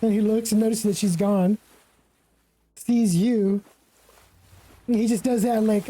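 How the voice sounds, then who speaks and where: A woman narrating as game master of a tabletop game, relaxed and full of casual fillers. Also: mid-range voice, a little slow, pauses often, poor audio. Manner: relaxed, with many fillers like "kinda" and "like".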